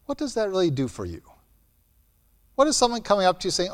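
A man preaching a sermon as pastor, blunt and emphatic, swinging between loud and soft. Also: high-pitched, huge pitch swings, fast talker, pauses often. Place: church hall. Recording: long hall reverb.

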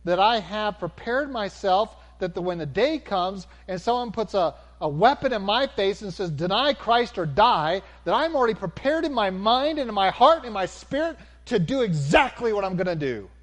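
Man preaching a sermon, high voice, very lively pitch, animated delivery. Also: normal speed, hardly any pauses. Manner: animated, rising to near-shouts in acted quotes, then calm and low.

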